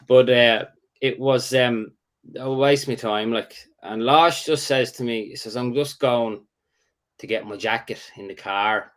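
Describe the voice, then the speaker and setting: A man telling a fishing story in a casual, rambling chat, halting and restarting, then getting animated as the story builds. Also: lowish voice. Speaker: angler host.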